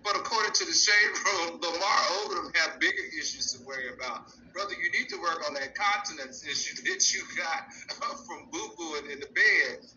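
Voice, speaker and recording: A man with a high, lively voice co-hosts a gossip show, dramatic and playful. His tone is bright and sharp, and he sits away from the mic, with a dull sound and faint noise. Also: moderate pace, distant mic. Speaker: co-host. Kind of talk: casual gossip talk show banter.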